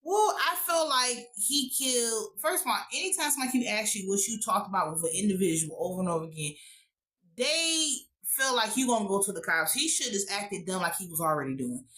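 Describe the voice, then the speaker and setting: A woman recapping a TV episode in a casual vlog, animated, slangy and profane. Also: mid-range voice, quick pace. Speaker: TV show reviewer.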